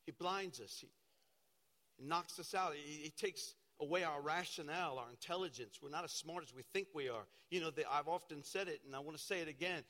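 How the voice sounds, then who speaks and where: Pastor, male, bright and fairly high voice, dramatic preaching style, long hall reverb. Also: a little fast. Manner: dramatic storytelling, shifting from loud to hushed. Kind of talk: sermon.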